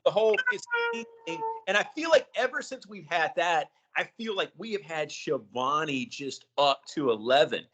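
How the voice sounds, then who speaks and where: A man co-hosts a wrestling talk show in a loose, casual way, often restarting his phrases and filling gaps with um. His voice sits a little higher than most men's. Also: expressive, moderate pace, few pauses, fairly bright tone, slight background noise. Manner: hesitant, restarts phrases, many ums. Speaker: podcast co-host.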